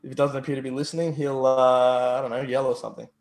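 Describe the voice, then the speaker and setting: A man with a gravelly voice, a laid-back player in a tabletop game, hesitant as he works out his plans. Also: medium pitch, little pitch movement, fast, darkish tone, echoey room. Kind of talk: casual tabletop game play.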